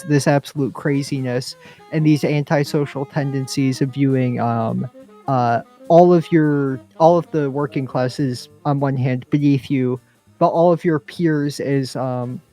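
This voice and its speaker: A man co-hosting a podcast in casual talk, deliberate and lecturing, with many pauses. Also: mid-range voice, fairly even intonation, dark tone, soft background music. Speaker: podcast co-host.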